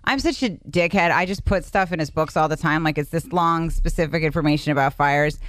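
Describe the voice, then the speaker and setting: A woman's voice: sits low, fairly quick, no room sound. A woman comedian chatting casually as a podcast guest, telling playful, self-deprecating, rambling stories.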